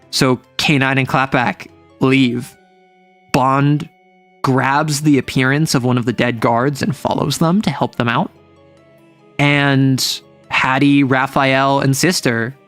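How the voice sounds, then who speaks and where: Animated man retelling a game session. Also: medium pitch, clean tone. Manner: rambling, animated storytelling. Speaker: streamer and game master.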